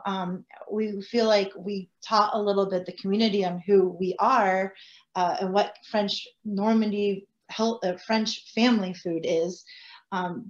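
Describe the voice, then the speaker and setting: A woman who owns a family restaurant, telling animated stories on a video-call panel. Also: medium pitch, lo-fi sound. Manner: animated, chatty storytelling. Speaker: restaurant owner. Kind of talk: panel discussion.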